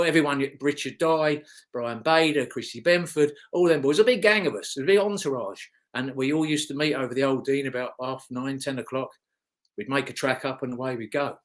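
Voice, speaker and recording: A middle-aged man, a former motocross racer telling rambling, chatty stories as an interview guest. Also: medium pitch. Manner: rambling, chatty, with restarts and chuckles. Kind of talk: casual anecdotal storytelling.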